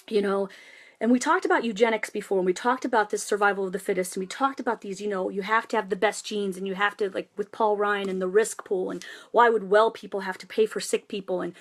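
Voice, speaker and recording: A woman giving a passionate, rambling political monologue in a vlog. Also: fairly high pitch. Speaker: vlogger and protester.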